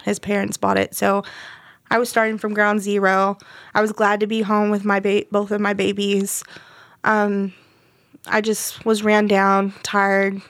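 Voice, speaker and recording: A woman's voice: mid-range voice, dry recording. A young woman from Texas, telling her personal testimony in a rambling way and acting out the dialogue. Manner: rambling storytelling that acts out quoted dialogue. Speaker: guest sharing a testimony.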